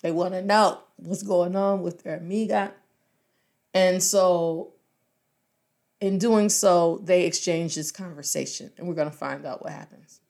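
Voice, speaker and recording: A woman giving a casual, playful language lesson, explaining phrases with lively jumps in her voice for emphasis. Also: on the low side, a little slow, vocal fry. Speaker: Spanish teacher.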